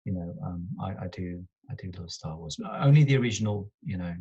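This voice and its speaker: A man with a London accent speaking as a healer guest in a casual video-call interview, calm, soothing and unhurried. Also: low-pitched, breathy edge, highs cut off. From Britain.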